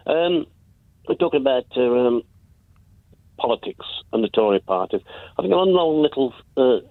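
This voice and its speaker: Northern english bloke calling in, ums and uhs, thin phone sound. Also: male voice, medium pitch, expressive, moderate pace. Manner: rambling, hesitant, chatty. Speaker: caller. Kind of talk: phone-in call. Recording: tinny phone line.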